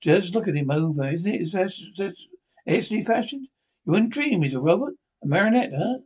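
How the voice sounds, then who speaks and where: An actor playing a scheming henpecked husband in a 1950s radio drama, talking in a confiding, conspiratorial way. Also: male voice, high voice, lively intonation, a little fast, darkish tone, breathy edge. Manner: confiding, conspiratorial, eager to show off. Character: sly henpecked middle-aged husband, scheming and pleased.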